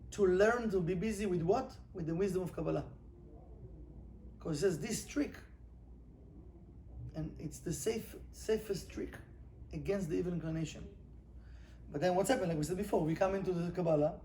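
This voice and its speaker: High-voiced man teaching Kabbalah. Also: a little hiss or hum. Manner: animated, rhetorical questions, reads Hebrew quickly then translates. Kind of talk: informal class lesson.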